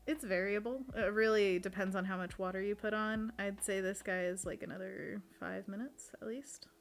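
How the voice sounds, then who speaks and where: A woman's voice: mid-range voice, steady tone, moderate pace, vocal fry. Giggly young woman painting and chatting. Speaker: co-host painting on a livestream. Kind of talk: casual chat while painting. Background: faint music.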